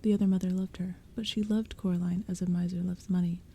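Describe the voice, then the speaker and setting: Whispered role-play storyteller: woman, hushed unvoiced whisper, very dark and mellow tone, faint rain underneath. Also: lowish voice, little pitch movement, fast talker, a little hiss or hum. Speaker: ASMR audiobook reader. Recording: faint rain sounds behind. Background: soft rain and thunder.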